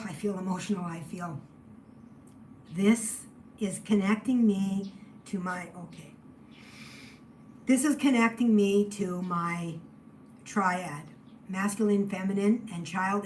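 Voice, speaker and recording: Slow, emotional woman giving a tarot reading. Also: medium pitch, slight background noise, low-quality recording. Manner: emotional, drifting between loud and hushed. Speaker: tarot reader.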